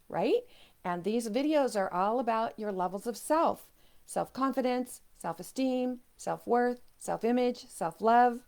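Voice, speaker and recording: A woman's voice: medium pitch, a little mellow. A woman coaching on self-worth in a motivational video talk, earnest, now and then voicing inner doubts as quoted asides.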